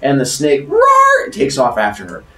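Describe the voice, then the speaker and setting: A man's voice: mid-range voice, sing-song, normal speed. A man retelling a myth as a teacher, in a playful, jokey way. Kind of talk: animated storytelling lesson. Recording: roomy, distant mic.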